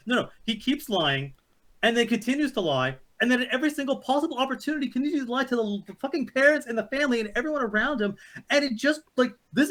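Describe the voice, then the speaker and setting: Fast, animated high-voiced man. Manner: excited, profane, rambling storytelling. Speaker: podcast co-host. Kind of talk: casual movie review chat.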